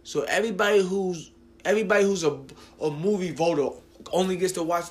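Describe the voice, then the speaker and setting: Brisk and high-voiced, a New Jersey podcast host in his late twenties rants on his own show. It's casual and rambling, laced with profanity and plenty of restarts.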